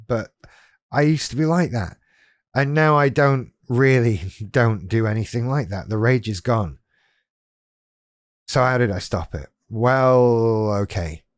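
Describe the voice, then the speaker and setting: A man speaks slowly and deliberately, addressing the viewer directly as host of his own channel. His tone is wry and self-deprecating. The sound is close and dry, with no room echo. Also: medium pitch. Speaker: YouTube channel host on living with BPD. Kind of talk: casual direct-to-camera talk.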